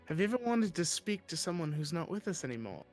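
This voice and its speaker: A man's voice: on the high side, sing-song, quick pace, darkish tone, faint music behind. A man playing a pushy traveler who is trying to talk his way into a trade to find his friend. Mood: persuasive. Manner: smooth-talking, wheedling trader.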